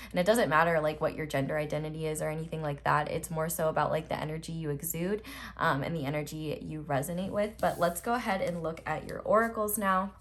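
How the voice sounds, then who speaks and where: A woman's voice: deep voice, fairly bright tone. A young woman giving a casual tarot reading, chatty and rambling with frequent filler words. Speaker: tarot reader.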